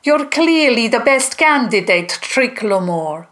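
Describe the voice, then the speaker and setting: A bossy monster council leader booms out her proclamations, voiced by a woman. The voice sits high and carries, every word weighed slowly. It sounds like a children's audio storybook. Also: animated, heavily acted. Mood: commanding. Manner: loud, commanding proclamations.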